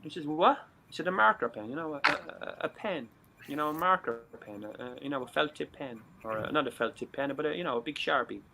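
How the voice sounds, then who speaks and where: An Irish man chats loosely as a show host, tripping over his words and cursing as he goes. His voice has a very bright, sharp tone. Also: a little high, animated, quick pace, gravelly, a little hiss or hum. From Ireland. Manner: rambling, stumbles over words, swears freely. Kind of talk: casual chat.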